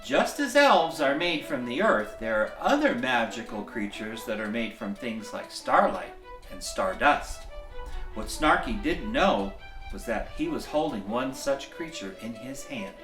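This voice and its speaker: A man in the role of Santa, reading a bedtime story in a gentle, chuckling, folksy way. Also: medium pitch, sing-song, measured pace. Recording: echoey room, mic at a distance, soft music.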